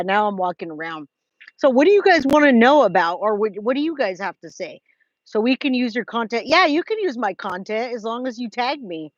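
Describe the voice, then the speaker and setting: A woman's voice: on the high side, no echo. A woman hosting a casual livestream, chatting with viewers and greeting them by name, with lots of restarts. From California. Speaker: livestream host reading chat. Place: trailer. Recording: dry, slightly dull lo-fi sound.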